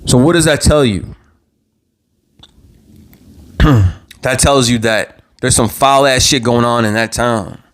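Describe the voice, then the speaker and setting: A man's voice: medium pitch, takes it slowly, pauses often, fairly bright tone. A man hosting his own live talk show, worked up and passionate, repeating words and swearing as he speaks. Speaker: show host. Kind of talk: impassioned live commentary. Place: own channel livestream.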